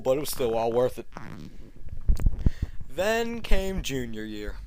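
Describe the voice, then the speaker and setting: Cocky deadpan young man. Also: mid-range voice. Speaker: comedic vlogger. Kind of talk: comedic storytelling monologue.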